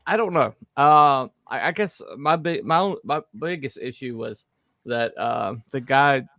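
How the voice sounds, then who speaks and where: A man co-hosting a casual chat, rambling and halting, full of fillers and restarts. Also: mid-range voice, creaky, pushed and bright, no room sound, studio quality. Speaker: podcast co-host.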